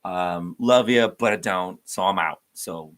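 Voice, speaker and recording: A man's voice: low-pitched, unhurried, a bit bright. A man doing a cocky young heir cashing out. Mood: brash. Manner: cocky, slangy swagger. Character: brash young man cashing out his inheritance.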